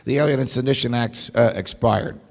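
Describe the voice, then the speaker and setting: A man's voice: medium pitch, a little fast, gravelly. A man giving a lecture-style keynote speech, an emphatic storyteller who poses rhetorical questions and drops wry asides. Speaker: keynote speaker. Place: large meeting hall. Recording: long hall reverb.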